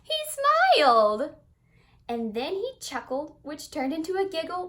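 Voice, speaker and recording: High, singsong woman reading a children's story. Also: measured pace. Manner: expressive, singsong. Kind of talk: children's read-aloud.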